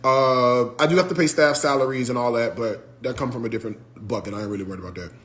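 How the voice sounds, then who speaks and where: The host speaks quickly in a mid-range, slightly bright voice, casually discussing costs on his livestream. Exasperated with the chat, he scolds them in Southern vernacular, calling them "y'all" and "child."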